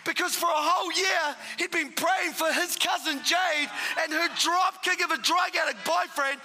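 A man's voice: very high voice, moderate pace, few pauses, a crowd in the background, background noise. Fervent man preaching in a hall. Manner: excitable, bursts into shouting for emphasis. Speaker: guest preacher giving testimony. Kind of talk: preaching testimony. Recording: reverberant hall with live audience.

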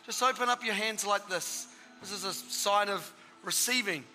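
A man's voice: high-pitched, moderate pace, sharp tone, big-room sound. A man preaching an altar call in a church, exhorting people with repeated calls, recorded live at a service. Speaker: pastor. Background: worship music and congregation.

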